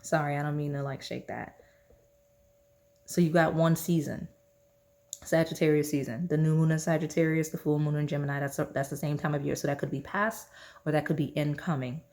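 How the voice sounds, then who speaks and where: A woman's voice: sits low, fairly even intonation, a little fast, darkish tone. A woman giving a casual pick-a-card tarot reading, chatty and rambling with many fillers and restarts. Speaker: tarot reader.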